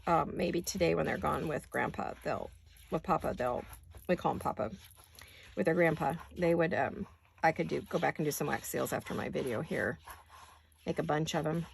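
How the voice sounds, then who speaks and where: An older woman who is hoarse today, chatting casually while she crafts in her home studio and thinking aloud in wandering asides. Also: low-pitched, moderate pace, slight background noise. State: hoarse, deep voice. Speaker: craft vlogger.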